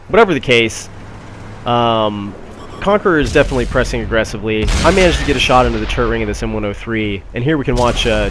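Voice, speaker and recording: A man's voice: mid-range voice, noisy background. A man giving a casual, wry voice-over commentary on a tank battle game, with many fillers. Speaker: gameplay commentator. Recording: gunfire and engine sounds behind.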